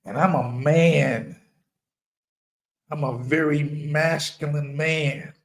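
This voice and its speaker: A middle-aged man speaks in an impassioned, sermon-like monologue. His voice sits fairly high for a man, and he talks slowly, leaning hard on each phrase. He repeats his key lines and keeps throwing questions at the listener. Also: fairly even intonation. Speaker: firearms trainer.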